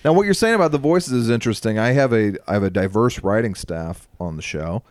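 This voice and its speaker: A man with a fairly low voice co-hosts a comedy podcast, wry and measured as he teases his partner. The sound is close and dry. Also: lively intonation, darkish tone, dry recording. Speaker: podcast co-host, TV show runner. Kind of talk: casual comedy podcast chat.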